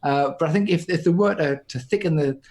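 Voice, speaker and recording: A man's voice: fairly high pitch, fairly quick, darkish tone. A man co-hosting a podcast, chatting casually and rambling with many restarts. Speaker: podcast co-host. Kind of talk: casual chat.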